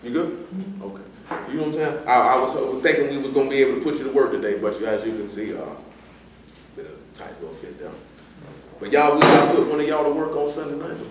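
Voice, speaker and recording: This preacher, speaking fast and animated in a mid-range voice, sternly rebukes a young man in front of the congregation using slangy, conversational language. The setting is a church assembly room, captured from far away in an echoey hall with a bit of faint noise.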